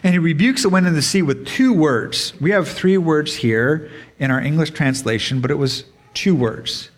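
A man's voice: on the high side, lively intonation. A man preaching a sermon to a congregation in a conversational way, asking them questions and changing his pace for emphasis. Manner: conversational, asks the audience questions; varied pace, speeds up and slows for emphasis. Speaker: pastor.

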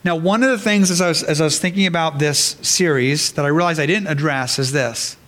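A man's voice: on the high side, a little fast, a bit bright. A man preaching an earnest sermon as pastor, often restarting words as he explains a scripture passage.

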